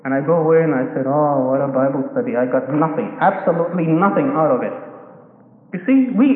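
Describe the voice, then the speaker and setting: High-voiced preacher in an echoey hall. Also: male voice. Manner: earnest and probing, acts out selfish inner voices. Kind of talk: sermon. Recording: echoey hall, tinny phone-like sound.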